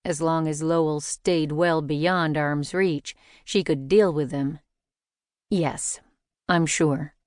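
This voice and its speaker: A woman narrating a mystery novel in a measured, even storytelling delivery. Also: deep voice, clean tone, no room sound, clean studio sound. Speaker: audiobook narrator. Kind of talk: scripted narration.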